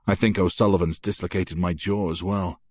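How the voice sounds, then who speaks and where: A man's voice: low-pitched, fairly even intonation, brisk, darkish tone, dry recording. A man narrating a gritty first-person crime novel in an intense, dramatic manner, close on the mic. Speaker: audiobook narrator.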